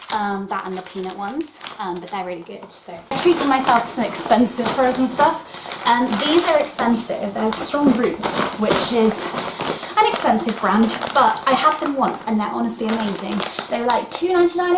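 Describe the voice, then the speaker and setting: A woman, chatting to camera as she unpacks groceries, full of ums and self-corrections. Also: fairly high pitch. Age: early 20s. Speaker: vlogger. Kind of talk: casual chat to camera. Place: home kitchen, indoors. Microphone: camcorder mic. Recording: echoey room with clear background noise.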